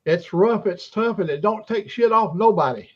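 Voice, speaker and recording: A man's voice: high voice, animated, moderate pace, lo-fi sound, a little hiss or hum. An older man telling folksy stories and jokes in a casual chat. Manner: storytelling, folksy.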